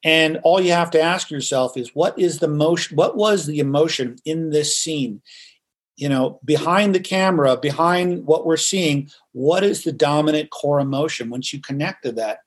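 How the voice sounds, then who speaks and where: Male coach, theatrical and emphatic, somewhat high-pitched, podcast guest. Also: normal speed. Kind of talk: podcast interview.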